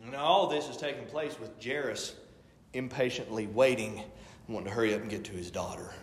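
A man's voice: mid-range voice, a little fast, a little hiss or hum. A man preaching a sermon in a conversational way, stopping to act out the voices of people he quotes. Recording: echoey hall with long reverb.

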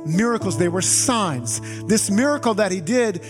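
A man preaching in a lively, conversational way, turning often to the congregation. His voice sits fairly high. The sound carries the long reverb of a church hall, with faint music underneath. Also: moderate pace. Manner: animated, conversational preaching with audience asides. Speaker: pastor. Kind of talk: sermon. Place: church sanctuary.

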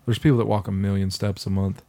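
Podcast co-host, male, low and mellow, loose rambling banter, laughs a lot. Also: level tone, fast talker. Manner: joking, rambling, laughs often. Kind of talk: casual chat while tasting beer.

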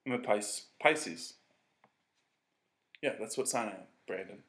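A young man chatting as a guest on a podcast, teasing his friend and stumbling through quick restarts. His voice carries a noticeable roomy echo. The talk is relaxed and unscripted. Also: fairly low pitch. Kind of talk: casual chat.

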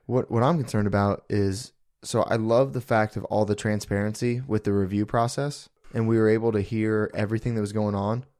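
Laid-back young man, low voice. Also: fairly even intonation, darkish tone. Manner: swears casually, quick joking asides. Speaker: podcast co-host. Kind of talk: casual chat.

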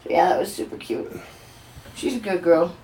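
A woman's voice: lowish voice, moderate pace, slight background noise. An older woman, a grandmother, telling a family story in casual chat and acting out the voices. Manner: animated, acts out voices in her stories.

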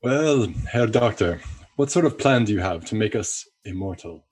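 A man's voice: lowish voice, lively intonation, moderate pace, darkish tone, breathy edge. Man playing a blustering henpecked president. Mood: stern. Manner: blustering, then caving. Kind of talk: comedy sketch acting.

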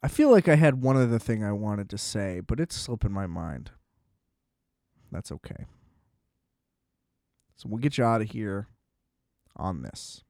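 A man's voice: lowish voice, lively intonation, moderate pace, pauses often, darkish tone, dry recording, studio quality. A young man hosting a solo podcast, ranting in a casual, profane, exasperated way and leaning on filler words. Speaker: podcast host.

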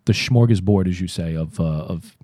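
A man's voice: low voice, moderate pace, mellow, dry recording. A man co-hosting a podcast, joking and teasing crudely in casual chat. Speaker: podcast co-host.

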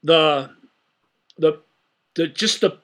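Male podcast co-host, bright tone, eager and excitable, trips over his words when excited. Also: on the high side, extremely slow. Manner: enthusiastic, animated retelling with frequent stammered restarts. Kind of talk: casual film-discussion podcast chat.

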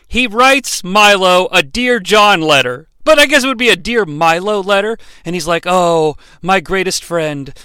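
A man hosts a comedic movie review, sarcastic and rambling, with plenty of swearing. His voice sits high and sounds bright and sharp. It is recorded dry and close, with no room sound. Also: clear, resonant tone, no room sound. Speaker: host of a bad-movie review show.

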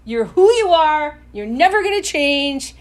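A woman's voice: high voice, sing-song, a little slow, voice pushed up. A woman voicing Satan as a harsh, nagging male devil who scornfully condemns the listener. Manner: scornful, condemning, loud and pounding.

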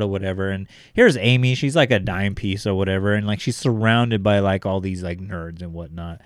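Young dude with a lowish voice telling a story, loose and rambly, dry close sound. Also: male voice, brisk, clean tone, no echo. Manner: rambling, heavy on fillers and swearing. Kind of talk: casual storytelling chat.

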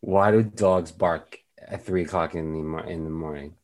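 A man's voice: fairly even intonation, moderate pace, darkish tone. A man co-hosting a podcast, joking casually and breaking into silly voices. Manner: jokey, bursts into squeaky put-on voices. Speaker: podcast co-host. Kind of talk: casual chat.

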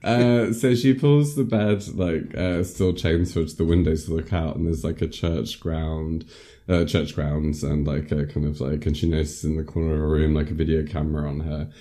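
Very deep, dark-voiced man. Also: fairly even intonation, moderate pace. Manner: rambling, many ums and likes, laughs at himself. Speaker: podcast host reviewing a film. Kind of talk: casual film recap chat.

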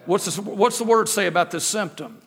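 A man's voice: high-pitched, moderate pace, creaky, a bit bright. A middle-aged man preaching a sermon as a guest preacher, telling humorous stories and repeating phrases with rhetorical questions. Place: church sanctuary. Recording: echoey church hall with long reverb.

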